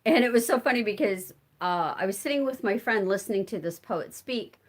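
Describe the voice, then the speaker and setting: A woman's voice: mid-range voice, expressive, brisk. A middle-aged American woman chatting casually on a live stream, answering viewers' comments while she spins fiber at home. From United States. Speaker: homestead vlogger hosting a live chat.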